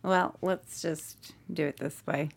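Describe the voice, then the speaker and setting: With a low, slow voice and some vocal fry, this middle-aged mom tells a story in casual podcast chat. She swears a lot and acts out the quotes with animation.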